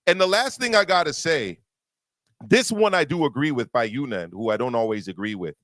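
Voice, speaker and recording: A boxing podcast host argues his opinions emphatically in casual discussion, repeating words as he builds his point. His mid-range, fairly bright voice is animated and fairly quick, recorded dry.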